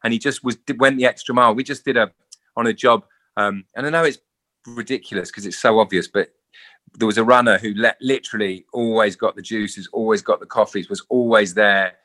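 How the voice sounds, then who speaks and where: A man, speaking in a lowish but bright voice. He talks casually as an interview guest. He jumps into quick impressions of the people in his stories. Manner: animated storyteller acting out quotes. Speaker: actor guest.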